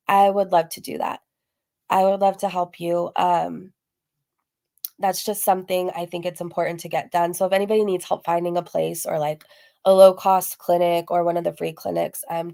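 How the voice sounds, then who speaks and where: Gravelly-voiced woman chatting on a livestream. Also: fairly low pitch, a little mellow. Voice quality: gravelly, hoarse-sounding voice. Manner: rambling, lots of fillers, laughs often. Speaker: livestream host. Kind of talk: casual live-stream chat reading comments.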